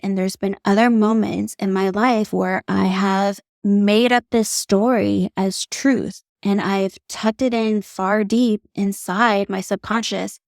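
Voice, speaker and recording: A young adult woman talks through her own podcast episode, candid and heartfelt, now and then swearing casually. Her voice sits in an ordinary middle pitch. The recording is dry and close, with no room sound. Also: a little mellow, no room sound. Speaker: podcast host, beauty artist. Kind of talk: solo podcast monologue.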